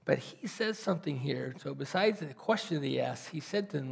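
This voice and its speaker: A man preaching a sermon as a pastor, earnest and pleading, swinging between loud rises and soft, almost whispered drops. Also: a little high, animated, brisk, gravelly, hardly any pauses, husky.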